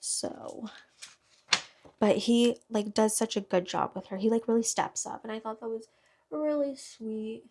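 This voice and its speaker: A woman's voice: a little high, steady tone, a little slow, warm tone. A woman beauty vlogger in casual get-ready-with-me chat, rambling with lots of fillers while she does her makeup. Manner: rambling, filler-heavy, chatty.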